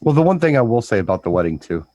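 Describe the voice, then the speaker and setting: A man chatting casually as a DJ co-host, telling stories in a rambling, animated way with lots of restarts. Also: medium pitch, rapid-fire. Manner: rambling, animated storytelling with frequent restarts and mimicked voices. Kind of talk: casual chat.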